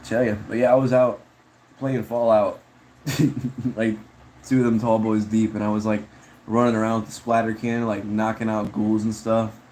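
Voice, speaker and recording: A man's voice: on the low side, little pitch movement, normal speed, a little mellow, slight background noise, poor audio. A man chatting casually on a livestream, reading chat in a rambling, slangy way with frequent laughs.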